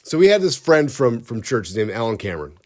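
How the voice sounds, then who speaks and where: A man's voice: medium pitch, very animated, fast, darkish tone. A man co-hosting a podcast who tells a story in a casual, comic, rambling way and often cuts himself off mid-sentence. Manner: rambling, self-interrupting, comic. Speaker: podcast co-host.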